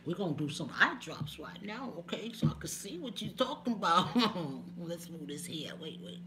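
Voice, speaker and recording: A chatty woman on a home live stream talks to her viewers by name, laughing between remarks. The recording carries a clear hiss of background noise. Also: on the low side, big pitch swings, unhurried.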